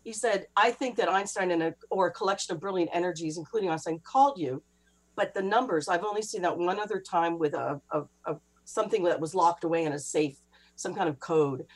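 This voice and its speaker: A middle-aged woman author, a guest on an interview, telling a personal story in a lively rush with laughing asides. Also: on the low side, low-quality recording. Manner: breathless, laughing retelling with quick asides. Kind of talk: animated anecdotal storytelling.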